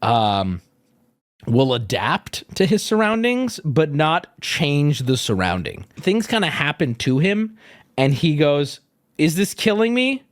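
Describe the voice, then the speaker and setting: A man's voice: a little high, slow, no echo, clean studio sound. A man streaming, telling stories in casual chat with lots of swearing. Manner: animated, profane storytelling.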